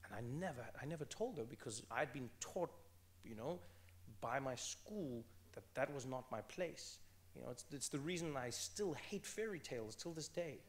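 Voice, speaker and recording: Male guest, 30s, from South Africa: animated conversational storyteller who stumbles and restarts. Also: mid-range voice, moderate pace. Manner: animated, repeats words when restarting, laughs while telling stories. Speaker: author and comedian guest.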